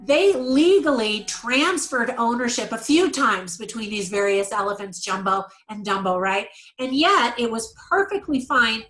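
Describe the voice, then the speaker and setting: A woman with a bright, forceful voice pitched a little high, co-hosting a casual film review. She talks animatedly and acts out quotes in a raised voice, with faint music in the background. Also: expressive, a little slow, few pauses, low-quality recording. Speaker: movie review co-host.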